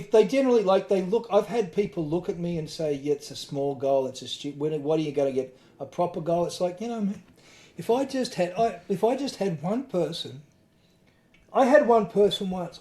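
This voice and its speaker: A man's voice: a little high, warm tone, echoey room. A man with an Australian accent, a podcast guest talking candidly in an earnest, emphatic and blunt way, now and then swearing. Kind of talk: candid conversation.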